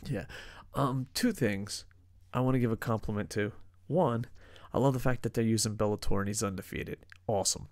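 A New Jersey native now living in Japan co-hosts a casual wrestling review podcast, speaking in a lowish, slightly mellow voice at normal speed. He swears a lot, laughs often, and talks emphatically. The studio recording is clean, with no room sound.

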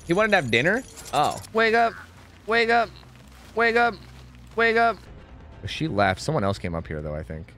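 A man's voice: on the high side, measured pace, long pauses, a little hiss or hum. A man streaming a game, chatting casually, joking and swearing a lot as he plays. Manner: excitable, swears a lot, jokey. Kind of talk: casual gameplay commentary.

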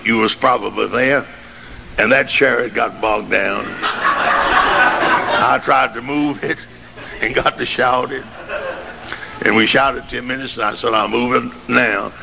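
A man preaching a sermon, telling a story dramatically and rising to shouted climaxes. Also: mid-range voice, creaky. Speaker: pastor. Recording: noisy old sermon tape.

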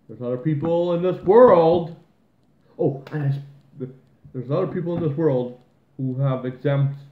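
A man co-hosting a podcast, ranting in a heated, profane way and mocking the people he quotes. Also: mid-range voice. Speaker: podcast co-host. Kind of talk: ranting casual podcast talk. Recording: tinny phone-like line in an echoey room.

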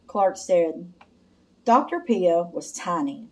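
A woman slowly and expressively reading a children's picture book aloud. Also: a little high, sing-song, darkish tone. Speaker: storyteller.

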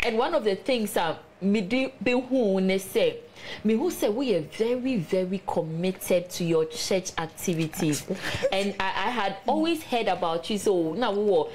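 A woman with a Ghanaian accent hosting a faith talk show, reading viewer comments aloud in an emphatic, unhurried way. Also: mid-range voice, lively intonation, a little mellow, slight background noise.

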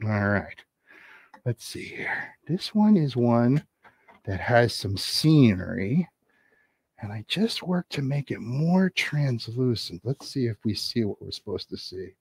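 A man's voice: medium pitch, very animated, takes it slowly, breathy edge, dry recording. A man running a livestreamed puppet show, chatty and playful with sing-song asides, telling a nursery rhyme into a camera. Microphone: camera on a desk.

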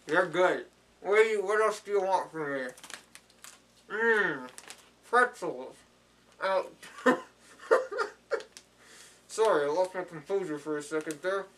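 A man improvising goofy parody ads in a rambling, deadpan way, correcting himself as he goes. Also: high voice, takes it slowly, pauses often, recorded from a distance, slight background noise. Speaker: video creator.

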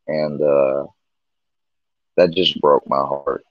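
Deep-voiced man telling a candid story. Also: steady tone, takes it slowly, pauses often, no room sound. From Missouri. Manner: candid, rambling, with many restarts and quoted dialogue. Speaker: guest telling a personal story. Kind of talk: casual storytelling on a livestream. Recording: dull lo-fi stream audio.

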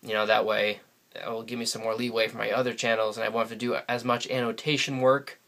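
Bright-voiced rambling New guy. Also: fairly low pitch, level tone, fast, vocal fry. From New England, USA. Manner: rambling, chatty, laughs often. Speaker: vlogger. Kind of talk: casual solo vlog. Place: sitting alone in front of a camera. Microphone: camera mic.

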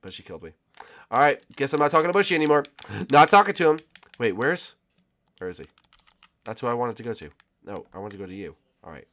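Excitable man giving lively game commentary. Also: mid-range voice. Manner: excitable, jokey, bursts into loud cries. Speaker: gaming YouTuber. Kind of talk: casual gameplay commentary.

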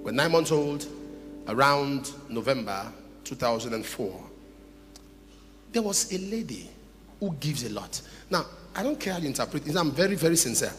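A man preaching an animated, humorous storytelling sermon to a church congregation, now and then bursting into shouts. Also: medium pitch, normal speed. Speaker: pastor. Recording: reverberant church hall with music. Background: instrumental music.

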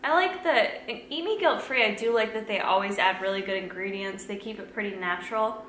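A woman fitness vlogger chatting casually through a snack taste test, laughing often and filling pauses with "like" and "um". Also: medium pitch, fairly bright tone. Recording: echoey room, faint background hum.

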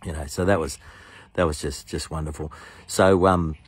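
A man's voice: a bass voice, fairly even intonation, moderate pace, breathy edge, dry recording. A middle-aged man, a pastor, earnestly telling his personal testimony and acting out the voices of the people in it. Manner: earnest, enthusiastic, acts out quoted voices.

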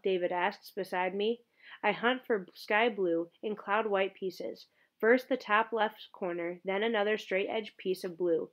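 A woman's voice: medium pitch, steady tone, moderate pace, dull audio. A woman reading a first-person novel aloud in an earnest, emotionally engaged way. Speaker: audiobook narrator.

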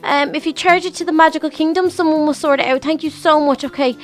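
A woman's voice: high-pitched, fast, soft background music. A woman host narrating a game role-play in a fretful manner, exclaiming often and talking to herself.

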